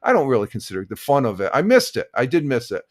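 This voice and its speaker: An older man hosting a casual morning live stream, talking in a rambling, halting way with many restarts and chuckles. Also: mid-range voice, huge pitch swings.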